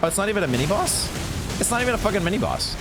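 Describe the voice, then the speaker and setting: A man giving excitable, swear-laden commentary while playing a video game. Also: high-pitched, very fast, over music. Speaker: gaming channel host. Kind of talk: live gameplay commentary.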